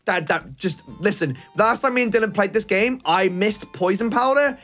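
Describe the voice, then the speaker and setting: Young dude gaming and ranting about his luck, kinda high, really swingy voice. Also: soft background music. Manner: animated, quick to complain at bad luck. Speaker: co-host. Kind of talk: casual gaming chat.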